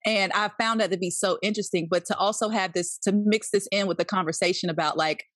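A woman's voice: mid-range voice, fairly even intonation, fast talker, fairly bright tone, no room sound, clean studio sound. A woman co-hosting a podcast, chatting casually about a TV show. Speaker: podcast co-host.

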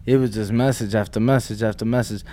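A man co-hosting a podcast in relaxed, casual chat, steering the talk and reading out viewer messages. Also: on the low side, fast. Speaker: podcast co-host.

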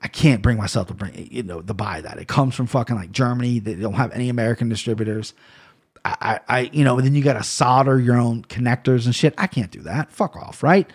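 A man talking straight to camera at a mid-range pitch, loose and unscripted. He rambles, swears often, and breaks into loud bursts of mock outrage before settling back down. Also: fairly quick, breathy edge. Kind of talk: casual solo rant about gear and fight news.

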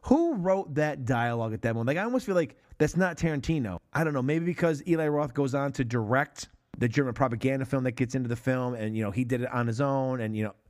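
Profane, animated male podcast host. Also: mid-range voice, fast talker. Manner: animated, profane, mimics movie lines. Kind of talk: casual film podcast chat.

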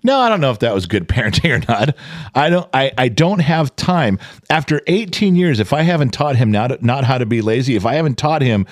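A man in his forties co-hosting a podcast, telling family stories in a blunt, profane, animated way. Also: medium pitch, brisk, dry recording, clean studio sound. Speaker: podcast co-host. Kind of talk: casual chat.

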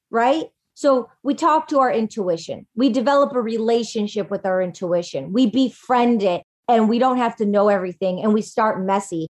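A woman life coach talking casually in a podcast conversation, animated and full of "like", acting out little quotes. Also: on the high side, moderate pace, hardly any pauses. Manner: chatty, animated, acts out quotes, fillers of "like".

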